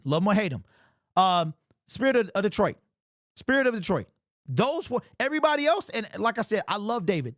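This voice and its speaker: High voiced guy on a sports fan stream, worked up, ranting and saying bro a lot, dry close sound. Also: dry recording. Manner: animated, exasperated ranting, keeps saying "bro". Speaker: sports talk host. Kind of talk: live-stream fan talk reading chat.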